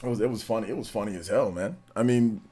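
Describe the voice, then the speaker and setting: A man's voice: lowish voice, fast talker, warm tone, slightly rough. A man in his thirties hosting a livestream, chatting casually and telling a rambling, slangy story. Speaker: streamer host.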